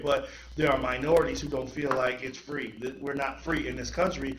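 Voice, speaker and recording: A man's voice: medium pitch, fairly even intonation, normal speed, a bit bright, slight background noise. A man hosting a podcast in casual chat, earnest and emphatic, building his argument point by point. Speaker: podcast host. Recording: echoey room.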